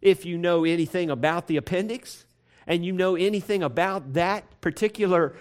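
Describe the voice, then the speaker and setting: A pastor preaching a sermon to his congregation in a church, repeating phrases and building to loud, emphatic peaks. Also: high voice, moderate pace, smooth. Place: church sanctuary.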